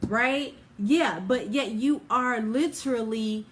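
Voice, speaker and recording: A woman teaching scripture in a relaxed, conversational way, leaning on "you know" and "like" as she talks. Her voice sits a little high, and she keeps slipping into little acted-out exchanges to make her point. A faint hum of room sound sits underneath. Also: unhurried. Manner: chatty, full of "you know" and "like"; acts out everyday scenes with quoted dialogue. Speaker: Bible teacher. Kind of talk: informal Bible teaching.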